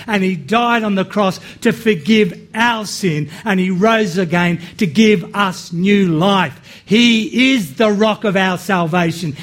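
A man with a high, light voice delivers a sermon. He speaks slowly and with emphasis, then breaks into quick, animated asides before settling back into a steady preaching rhythm.

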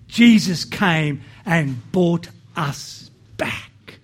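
A man's voice: high-pitched, lively intonation, unhurried. A man preaching a sermon, earnest, often repeating words as he starts phrases and acting out the quotes he reads. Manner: acts out Bible quotes with rising and dropping voice.

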